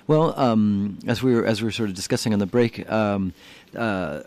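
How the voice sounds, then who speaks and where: Deep-voiced guy on a radio show, kinda hesitant, lots of ums, downplays his own stuff. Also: normal speed, a little mellow. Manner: hesitant and self-deprecating, many ums and restarts. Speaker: musician guest on a radio show. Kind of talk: casual radio interview chat. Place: radio studio.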